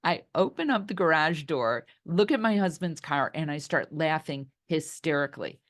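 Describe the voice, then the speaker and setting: A woman's voice: low-pitched, lively intonation, normal speed. A middle-aged woman leading an online workshop over a video call. She tells stories and talks chattily, reacting to the chat as she goes. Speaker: workshop leader. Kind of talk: storytelling talk in an online workshop.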